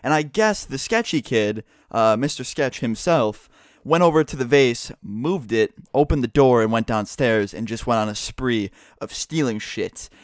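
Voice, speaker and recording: A man's voice: mid-range voice, animated, no room sound, studio quality. A young man telling a casual story to camera, rambling and swearing freely. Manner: rapid, profane, rambling storytelling. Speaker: vlogger.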